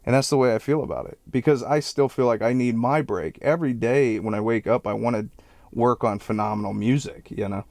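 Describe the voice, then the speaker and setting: A man's voice: medium pitch, a little fast, gravelly, a little mellow, dry recording. A man working as a mixing engineer, chatting casually to the camera into a close studio microphone, loose and conversational, often restarting his words. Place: recording studio. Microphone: close studio vocal mic.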